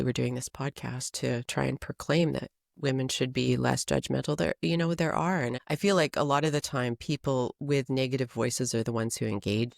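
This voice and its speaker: A middle-aged woman co-hosting a podcast, chatting in a relaxed, agreeable and frank way. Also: extremely low pitch, gravelly, dry recording, studio quality. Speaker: podcast co-host. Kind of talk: casual chat.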